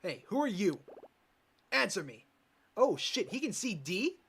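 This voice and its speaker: A man's voice: high voice, big pitch swings, unhurried, a bit bright, slight background noise. A man streaming a video game, reading its text aloud and adding his own remarks. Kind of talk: live game stream commentary. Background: game music.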